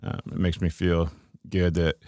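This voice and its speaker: Deep-voiced man co-hosting a faith podcast. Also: normal speed, no echo, studio quality. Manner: relaxed, thinking aloud with fillers and restarts. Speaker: podcast co-host. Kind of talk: casual faith podcast chat.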